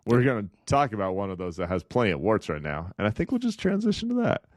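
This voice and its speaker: A man's voice: lowish voice, big pitch swings, fast talker, no room sound, studio quality. A man co-hosting a podcast, chatting casually and a little ramblingly about investing, with an occasional chuckle. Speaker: podcast co-host.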